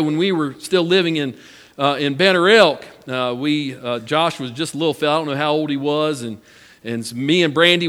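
A man's voice: fairly high pitch, a bit bright, big-room sound. A man preaching a sermon, a folksy storyteller who repeats his phrases. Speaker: pastor.

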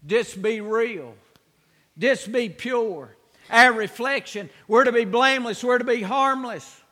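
A man preaching a sermon with emphatic, repeated exhortations that swell into shouts. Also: extremely high pitch, takes it slowly, long reverb tail.

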